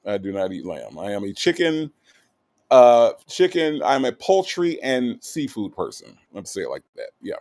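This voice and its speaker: Gravelly, animated male livestream host. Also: on the low side, moderate pace. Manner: animated, teasing, greets viewers one by one. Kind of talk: casual livestream chat reading viewer comments.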